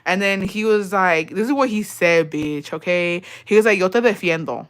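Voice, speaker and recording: A woman's voice: medium pitch, normal speed, clean tone. A woman telling a casual storytime vlog, swearing freely, calling her viewers besties and acting out the dialogue.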